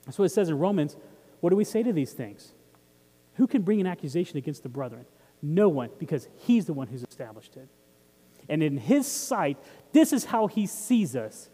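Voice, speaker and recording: Conversational preacher with a ringing hall. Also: male voice, fairly high pitch, big pitch swings, moderate pace, mellow, slightly rough. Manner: conversational, asks the audience questions. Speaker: pastor. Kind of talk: sermon.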